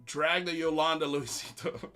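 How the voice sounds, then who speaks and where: A man's voice: fairly high pitch, fairly even intonation, moderate pace, sharp tone. Blunt, sarcastic male livestreamer. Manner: blunt, sarcastic, laughs often. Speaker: livestream host. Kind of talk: casual livestream rant and comment reading.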